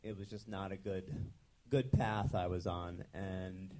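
A man's voice: deep voice, level tone, measured pace, mellow. A young adult man, a chiropractor, telling his story in a casual interview with frequent ums and restarts. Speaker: chiropractor guest. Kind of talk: conversational interview.

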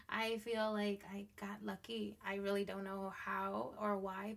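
A woman's voice: mid-range voice, little pitch movement, moderate pace, creaky. A woman co-hosting a podcast about working mothers, chatting frankly with lots of swearing and laughter. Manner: frank and profane, laughs often. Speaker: podcast co-host. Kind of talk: casual chat.

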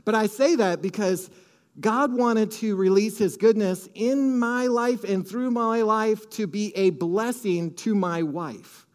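A man from Minnesota with a light Minnesota accent, preaching and telling a story with lively acted-out quotes. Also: sits high, takes it slowly. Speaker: pastor. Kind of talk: sermon storytelling.

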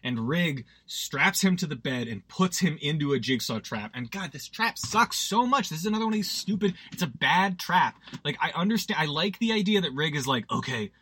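A man's voice: on the high side, lively intonation, moderate pace, hardly any pauses, bright, forceful tone, slightly rough. A man hosting a podcast, recapping a horror movie in a rambling, self-deprecating way with lots of asides. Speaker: podcast host.

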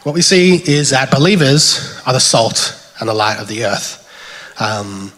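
A man with an Australian accent giving a relaxed, chatty sermon with slides, thinking aloud as he goes. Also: mid-range voice, a little slow. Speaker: preacher. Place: church hall. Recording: long hall reverb.

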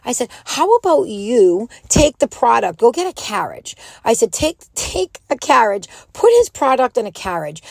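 A middle-aged woman telling a personal story in a casual, animated way, acting out what people said. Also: medium pitch, vocal fry, dry recording. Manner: animated, quotes people in raised voices.

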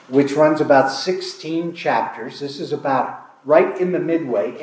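This is a man preaching in a church, with a slightly high voice that swings up and down a lot. He talks conversationally and acts out the dialogue in his stories. The sound is roomy and echoing. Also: slight background noise. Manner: conversational, animated storytelling with acted-out dialogue. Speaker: pastor. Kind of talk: sermon. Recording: echoey room.

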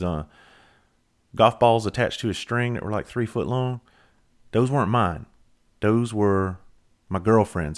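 A man's voice: fairly low pitch, fairly bright tone. A middle-aged man hosts a podcast, telling a rambling, profane story in a loose, self-mocking way. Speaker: podcast host. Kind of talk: casual storytelling.

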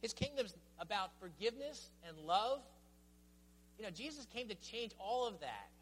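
A middle-aged male pastor with a high, light voice delivers a sermon, building his points in emphatic, stacked lists. His words ring out with the long reverb of a church hall. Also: sing-song, normal speed, a bit bright, a little hiss or hum.

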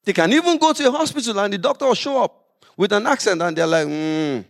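A man preaching a sermon as pastor, lively with humorous asides. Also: high voice, fast, creaky.

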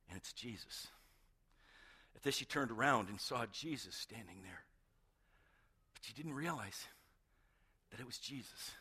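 A middle-aged male pastor preaching a sermon, retelling a story with hushed moments and emphatic build-ups. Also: mid-range voice, slightly rough. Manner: animated storytelling, swings between hushed and emphatic.

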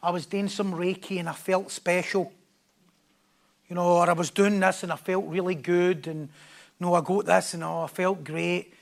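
A preacher voicing a contented ordinary man talking about his good day, in a quiet, low, drawn-out murmur. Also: level tone, gravelly. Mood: pleased.

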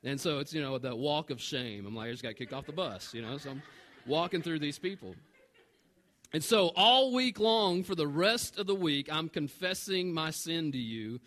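A man, a pastor telling a personal story in a relaxed, self-mocking sermon. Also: on the high side, normal speed. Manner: conversational and self-mocking, with animated retold dialogue.

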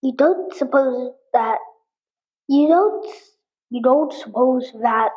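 Woman reading as an awed farmer man. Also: high-pitched. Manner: halting, awed storybook reading. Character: stunned middle-aged male farmer. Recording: dull lo-fi sound.

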